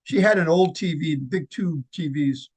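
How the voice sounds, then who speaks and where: Man telling lively anecdotes with fillers. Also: on the high side, slightly rough. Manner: halting, with frequent fillers and restarts; lively anecdotal storyteller who acts out quoted lines. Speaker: nonprofit founder. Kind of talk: conversational interview storytelling.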